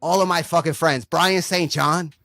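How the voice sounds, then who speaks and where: A man's voice: fairly high pitch, fairly even intonation, normal speed, pushed and bright, dry recording. A young adult man doing a rambling stand-up set full of swearing, checking in with "right?" over and over. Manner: rambling, swears constantly, says "right?" often. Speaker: stand-up comedian.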